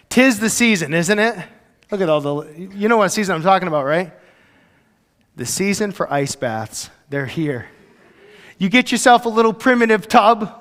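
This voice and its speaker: Pastor guy preaching, jokey and chatty, does little voices, highish voice, big echoey church. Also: fairly bright tone. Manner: conversational, joking, acts out quoted voices. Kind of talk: sermon. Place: church sanctuary.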